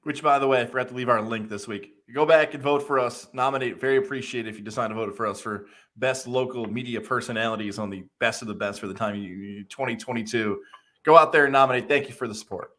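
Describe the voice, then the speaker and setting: A man co-hosting a casual sports podcast, telling quick, animated stories. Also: mid-range voice. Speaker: co-host.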